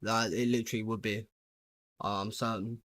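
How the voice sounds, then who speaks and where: A young British man chatting casually with his viewers while playing a game on a livestream, relaxed and easygoing as he greets viewers and answers their questions. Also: lowish voice, normal speed, dry recording, clean studio sound. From United Kingdom. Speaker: gaming livestreamer.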